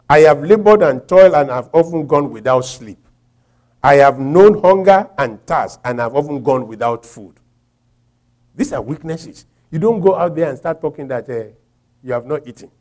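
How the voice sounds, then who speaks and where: A man preaching a sermon, quoting scripture and asking the congregation rhetorical questions, swinging from quiet reflection to loud emphasis. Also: fairly high pitch, lively intonation, moderate pace, pauses often.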